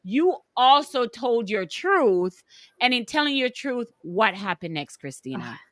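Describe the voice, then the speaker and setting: Brief: female coach-host, high, forceful voice, preachy and emphatic. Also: sing-song, a little slow, no echo, studio quality. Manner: preachy, emphatic, speaks straight to listeners. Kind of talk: motivational interview talk.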